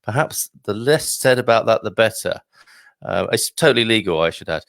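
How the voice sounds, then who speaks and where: A man's voice: on the low side, expressive, normal speed, creaky, fairly bright tone, no room sound, studio quality. A man hosting a chatty news commentary with a slight cough, reading reports and breaking off into jokey asides. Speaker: channel host reading news.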